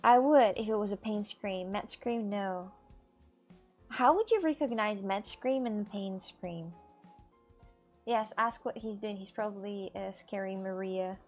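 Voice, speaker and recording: With soft music playing behind her, a woman speaks unhurriedly in a medium-pitched, darkish voice. She's crafting with clay on a live stream, casually chatting, rambling and repeating herself to viewers with a lilt.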